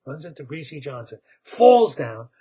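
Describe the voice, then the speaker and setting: A man retelling a cartoon story in a rambling, animated way, laughing as he goes. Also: on the high side, moderate pace, husky. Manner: rambling, animated, laughs at his own tale.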